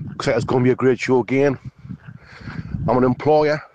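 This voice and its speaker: Bloke calling into a radio show, jokey, sounds far off on the phone with a bit of hiss. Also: male voice, medium pitch, fairly even intonation, brisk, a little mellow. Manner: chatty, jokey storytelling. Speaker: caller. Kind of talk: phone-in call. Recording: distant phone line with faint noise.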